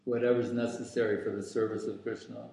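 A man giving a scriptural lecture as a spiritual teacher, speaking deliberately with many pauses and fillers. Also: lowish voice, level tone, dark tone. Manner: slow and deliberate, pausing with fillers. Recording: very echoey room.

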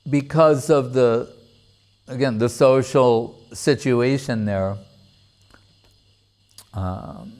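A man telling a devotional story as a sermon, in an unhurried, deliberate manner. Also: mid-range voice, a little mellow. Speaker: religious storyteller.

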